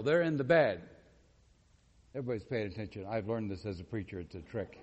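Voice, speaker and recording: Male preacher, mid-pitched voice, lively storytelling sermon, acts out the quotes, big hall echo. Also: breathy edge, muffled recording. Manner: animated, acts out quotes, asks the audience questions. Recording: long hall reverb.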